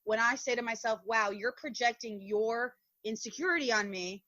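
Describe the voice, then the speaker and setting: A woman's voice: on the high side, normal speed, pushed and bright, no room sound, dull audio. A woman guest comedian from Long Island, talking in a casual podcast chat, gushing and emotional, often laughing and tearing up. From Long Island, New York.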